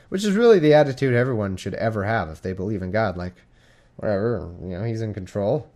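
Man, mid-pitch, reads Bible passages and riffs on them, irreverent, swears, loses his place. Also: lively intonation, quick pace, darkish tone. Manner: rambling, irreverent, swears, stumbles over names. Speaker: reader and commentator. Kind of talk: casual Bible reading with commentary.

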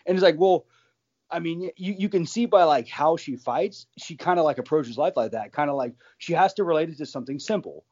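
A man co-hosting a casual sports podcast, rambling through his thoughts with lots of restarts and quick laughs. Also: fairly high pitch, expressive, a little mellow, lo-fi sound. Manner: rambling, many fillers and restarts, laughs often.

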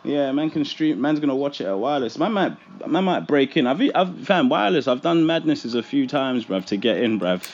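A man's voice: mid-range voice, very animated, fairly quick, hardly any pauses, darkish tone, dull audio. A man, co-hosting a podcast and telling stories in casual slang. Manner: storytelling with slang, laughs often. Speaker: podcast co-host. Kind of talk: casual chat.

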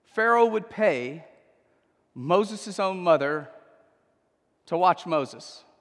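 A man preaching in a church with a high, bright voice and an emphatic, conversational delivery. He punctuates his points with quick check-ins to the crowd. His words trail off into a long hall reverb. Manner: conversational, emphatic, frequent tag questions. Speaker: pastor. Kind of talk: sermon.

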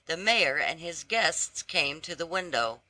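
A storybook narrator reads slowly, the pitch rising and falling with lively expression. The tone is bright and crisp, and the recording is dry and close. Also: dry recording. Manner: slow, lively, storybook delivery. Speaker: audiobook narrator. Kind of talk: scripted narration of a fairy tale.

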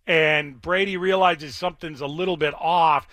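Man, talk radio host, bright tone, a bit high, chatty. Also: steady tone, normal speed, dry recording. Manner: chatty storyteller, addresses co-host by name. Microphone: studio microphone.

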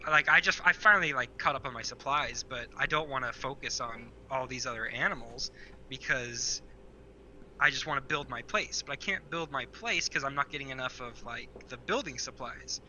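Very bright-voiced rambling podcast man. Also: mid-range voice, moderate pace, slight background noise, low-quality recording. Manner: rambling, with many fillers and restarts. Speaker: podcast co-host. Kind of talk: casual chat.

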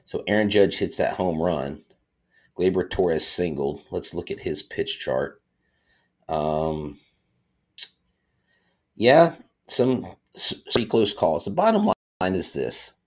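A man hosting a live sports podcast, chatting casually and reading viewer comments aloud in excitable fan banter. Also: low-pitched, slow, long pauses. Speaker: podcast host.

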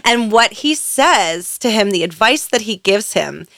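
A woman's voice: medium pitch, animated, a little slow, vocal fry, fairly bright tone, no echo. Woman chatting about a film, easy amused tone, dry close mic. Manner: chatty, amused, laughs easily. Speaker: podcast co-host. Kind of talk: casual movie discussion.

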